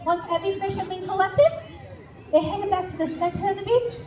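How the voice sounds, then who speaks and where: A woman telling a story on stage in an animated, playful, sing-song way. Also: very high voice, a little fast, slight background noise. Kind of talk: live theatrical storytelling. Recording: far-off echoey live recording with music and crowd.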